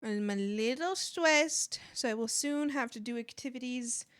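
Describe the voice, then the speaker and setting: A woman's voice: a little high, measured pace, fairly bright tone, clean tone, no echo, clean studio sound. A young adult woman streaming while she draws, chatting casually and gushing, sometimes squealing or whispering. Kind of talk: casual chat while drawing.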